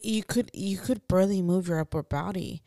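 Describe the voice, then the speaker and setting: A woman co-hosts a podcast in a casual chat, relaxed and a bit teasing, dropping the odd curse word. Her voice is low and gravelly. It sounds dry and close to the mic. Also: normal speed, dry recording. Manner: laid-back and teasing, swears casually. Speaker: podcast co-host.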